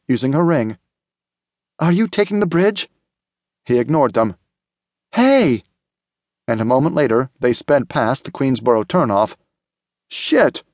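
A man's voice: medium pitch, darkish tone, no room sound. Male narrator, dry studio read. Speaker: audiobook narrator. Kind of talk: scripted narration.

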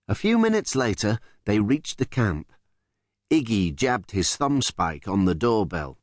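Male audiobook narrator, unhurried, very expressive, dry close studio sound. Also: on the low side, dry recording. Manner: expressive, storytelling. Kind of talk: scripted children's audiobook narration.

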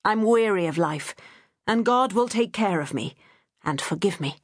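A woman's voice: mid-range voice, animated, normal speed, dry recording, clean studio sound, close to an everyday voice. A woman voicing a weary, proud imprisoned queen who speaks firmly but sounds resigned.

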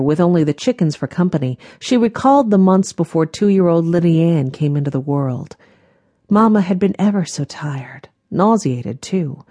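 A woman reading an audiobook as its narrator in a measured, gentle manner. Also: lowish voice, no room sound. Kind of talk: scripted narration.

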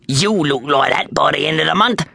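A man's voice: on the high side, moderate pace, gravelly, bright, forceful tone, breathy edge, no room sound, exaggerated voice. A man voicing a weary, matter-of-fact gladiator with an Australian accent, in a children's storybook.

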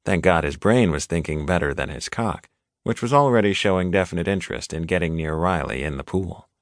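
A man reading a romance audiobook in an even, measured narration, close to a studio mic. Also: sits low, dry recording. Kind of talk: scripted narration.

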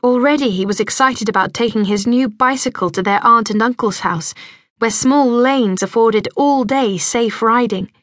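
A woman reading an audiobook in scripted narration, measured and gentle, close to a studio mic. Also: on the high side, no echo.

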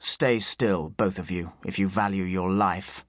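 A man voicing a hidden male archer who gives a slow, calm warning. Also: low-pitched, no echo, clean studio sound. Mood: menacing calm.

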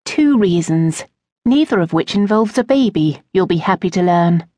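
In a dry recording, a woman narrating an audiobook takes on the voice of a poised young noblewoman, a debutante and patient daughter, who answers her father with composed asperity. Her pitch sits fairly low and her tone is dark, delivered at normal speed with animation and a tart mood.

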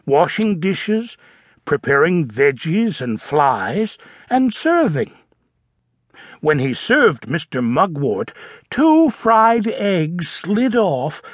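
A man's voice: on the high side, dry recording. A man narrating a children's storybook, playful and drawn out, with sound effects. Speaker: audiobook narrator. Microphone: studio mic.

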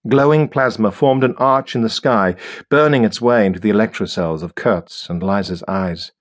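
A man reading a science fiction audiobook in a measured, steady storytelling manner. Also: on the low side. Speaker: audiobook narrator. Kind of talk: scripted narration.

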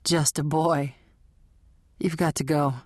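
A woman's voice: low-pitched, level tone, takes it slowly, a little mellow, no echo, studio quality, pitched below the performer's own voice. A woman voicing a weary, clipped grown woman. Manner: terse, tired, clipped replies.

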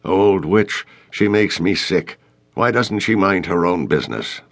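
A man doing a raspy, growling surly landlord. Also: sits low, a little slow. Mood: grumbling. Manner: grumbling, stubborn, rude. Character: surly raspy male building manager, lazy and grumbling. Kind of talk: audiobook character voice.

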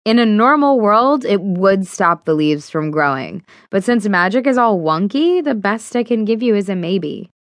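A woman voicing a young witch friend who hesitates and drawls with fillers, in a higher voice than her narration. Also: expressive, moderate pace, hardly any pauses, no echo, natural voice. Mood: matter-of-fact.

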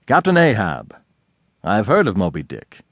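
A man's voice: fairly low pitch, wildly swooping pitch, normal speed, a bit bright, no room sound, full character voice. A man voicing a cautious, respectful first mate in an audiobook. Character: earnest male first mate.

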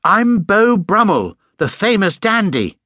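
A man doing a small bear with a raised, earnest, polite voice, full of lively rises and falls and a slightly husky edge. It reads like a gentle storybook character. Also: high-pitched, takes it slowly, no echo, studio quality, voice pushed up, exaggerated voice.

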